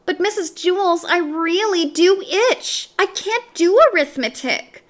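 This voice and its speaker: A whiny little schoolgirl , read aloud by a woman, complains in a high, bright, squeaky voice. She pleads and frets in a storybook reading, her pitch jumping up and down as she protests. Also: very animated, slow pace, heavily acted. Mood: whining.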